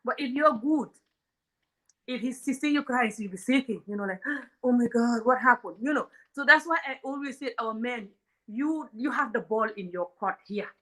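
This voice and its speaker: Outspoken woman from africa, lively comedy host talking relationships, bright tone. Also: a little high, normal speed. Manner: animated, laughing, blunt and outspoken.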